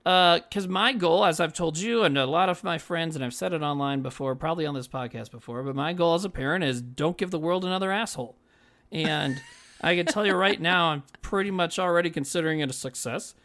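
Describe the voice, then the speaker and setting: A man's voice: fairly high pitch, brisk, a bit bright. A man co-hosting a podcast in casual chat, earnest and profane, rambling with lots of fillers. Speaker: podcast co-host.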